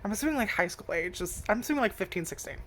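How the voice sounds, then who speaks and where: A woman's voice: medium pitch, expressive, rapid-fire, a little hiss or hum. A woman reviewing an anime at home in front of a webcam, rambling and swearing with lots of fillers. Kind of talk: casual video review. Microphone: webcam zoomed in on face.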